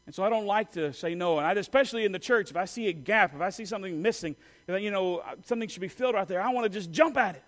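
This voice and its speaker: A man's voice: high voice, fast, few pauses. A male pastor giving a sermon in a conversational way, with fillers and self-corrections, and leading the congregation in call-and-response.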